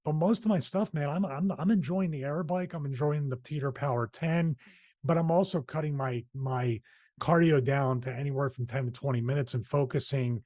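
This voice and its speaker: A man's voice: fairly high pitch, moderate pace, a little mellow, no echo, studio quality. A man with a Philadelphia accent hosting a fitness podcast, chatting casually in a rambling, self-deprecating way. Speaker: podcast host. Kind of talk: casual chat.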